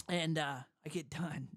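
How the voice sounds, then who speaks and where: A young adult man speaking as an interview guest, animated and quick to laugh. He acts out what others said to him as he goes. The sound is dry and close. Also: fairly high pitch, dry recording. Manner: animated, laughs often, quotes others in voices. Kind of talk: casual storytelling.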